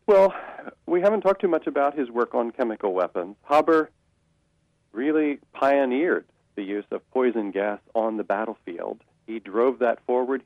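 A man answers interview questions in a measured, halting way, often restarting his phrases. The sound is dull and lo-fi, like an old radio broadcast. The room is dry, with no echo. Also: medium pitch. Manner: measured, with frequent restarts and fillers. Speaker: author and guest.

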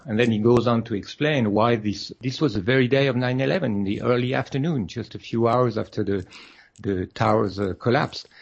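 Husky-voiced man, hesitant, lo-fi line. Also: lowish voice, a little mellow. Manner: hesitant, many fillers and restarts. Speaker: guest author. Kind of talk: interview over a phone line.

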